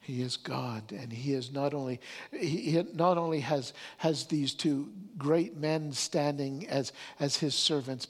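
A male preacher retells a scripture story in an earnest, stumbling way and keeps restarting his words. His voice sits a little high with a husky edge. It rings out with a long reverb, as in a large hall. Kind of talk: sermon.

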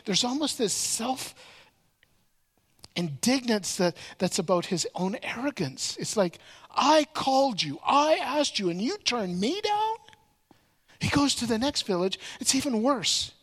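A man preaching a sermon, telling a story with lively acted-out quotes and frequent repeated words as he restarts. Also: high-pitched. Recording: echoey hall with long reverb.

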